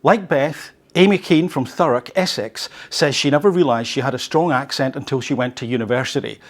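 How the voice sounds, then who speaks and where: A man's voice: mid-range voice, fairly quick. Field: chatty man reading and commenting. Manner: conversational, animated asides. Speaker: podcast host teaching English. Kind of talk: reading an article aloud with commentary.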